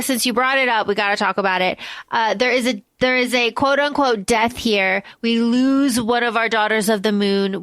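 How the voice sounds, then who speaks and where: A woman co-hosting a podcast, recapping a book plot in a lively, casual way with some swearing. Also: on the high side, dry recording. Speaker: podcast co-host.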